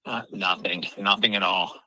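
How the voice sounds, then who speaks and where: Bright, forceful male caller. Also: low voice, steady tone, moderate pace, no room sound, poor audio. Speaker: caller and video creator. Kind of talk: casual phone chat.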